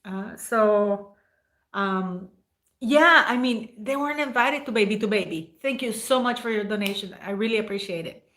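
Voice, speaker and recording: A woman's voice: mid-range voice, moderate pace, fairly bright tone. A woman hosting a casual livestream, rambling and emotional as she thanks viewers by name. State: near tears at times. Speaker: livestream host.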